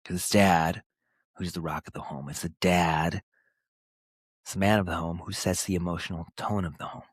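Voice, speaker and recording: Earnest man with a low, dry voice. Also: flat delivery, slightly rough, no echo. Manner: earnest, emphatic, with pauses and short punchy phrases. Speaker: podcast host. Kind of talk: motivational podcast monologue.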